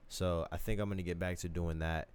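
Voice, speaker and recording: A young man with a deep, low voice talks to his viewers on a casual late-night stream from his home studio. He rambles loosely, jokes around and swears freely. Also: fairly even intonation, a little fast, a little mellow, a little hiss or hum. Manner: loose, profane, rambling and joking. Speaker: streamer and musician.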